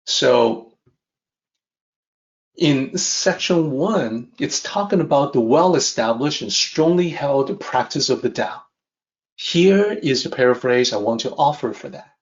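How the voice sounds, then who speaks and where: A man talks through a classic text in a calm teaching voice, going over each idea more than once. He speaks slowly and deliberately at a middle pitch. The recording sounds a little dull and lo-fi. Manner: measured, repeats and rephrases ideas. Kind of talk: calm explanatory lesson.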